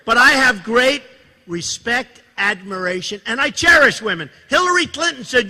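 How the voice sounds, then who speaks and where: A man's voice: very high-pitched, animated, normal speed, pushed and bright. A man in his sixties giving a campaign rally speech, boastful and repetitive, wandering off topic and asking the crowd questions. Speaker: campaign speaker. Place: event hall with audience.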